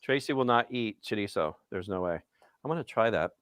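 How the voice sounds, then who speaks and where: A man's voice: fairly low pitch, expressive, fairly quick, fairly bright tone, smooth, no echo, studio quality. Chatty man cooking on a grill. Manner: chatty, narrates his cooking, laughs easily. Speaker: cooking show host. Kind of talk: casual cooking chat with friends.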